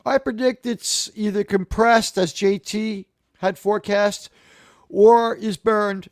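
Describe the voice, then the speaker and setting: A man's voice: high voice, fairly even intonation, takes it slowly, no room sound, clean studio sound. A man hosting a live talk show, rambling through casual, sarcastic, profane commentary.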